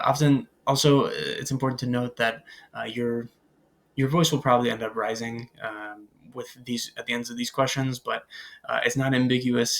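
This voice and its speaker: A man's voice: mid-range voice, creaky, fairly bright tone. A man teaching a recorded beginner French lesson, explaining in English with many "uh"s and modeling French words aloud. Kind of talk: recorded language lecture.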